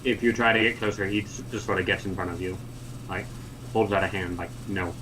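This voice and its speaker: A man narrating as game master in an online tabletop game, descriptive and unhurried, with many "uh"s and "like"s. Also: low-pitched, steady tone, noisy background.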